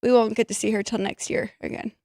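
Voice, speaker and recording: A woman with a high voice co-hosts a sports talk show and answers in short, agreeable bits. Her voice sounds dry and close to the mic. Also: flat delivery, quick pace, mellow, dry recording. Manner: brief, agreeable replies. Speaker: co-host. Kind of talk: casual podcast banter.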